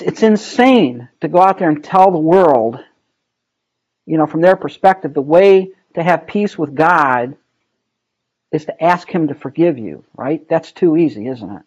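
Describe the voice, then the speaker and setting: A man's voice: on the high side, a little mellow, muffled recording. A man leading a casual Bible study, talking through the text conversationally and asking his group questions. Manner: conversational, asks the group questions, many ums and rights.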